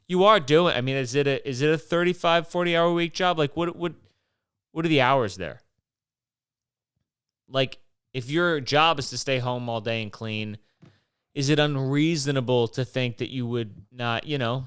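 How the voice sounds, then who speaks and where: A young man hosts his own talk show alone, musing aloud in a loose, profane ramble that keeps doubling back on itself. His voice sits in an ordinary middle pitch with a smooth, clear tone. The recording is close and dry, with no room sound. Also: a bit bright, no room sound. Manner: rambling, swears often, many restarts. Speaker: podcast host. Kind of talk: casual solo rant.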